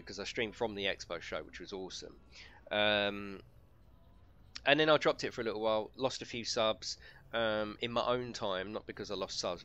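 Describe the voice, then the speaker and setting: A man's voice: fairly low pitch, bright, forceful tone, lo-fi sound. A man streaming a game, chatting casually and telling stories, laughing often and swearing freely. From United Kingdom. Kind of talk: casual live-stream chat. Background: faint music.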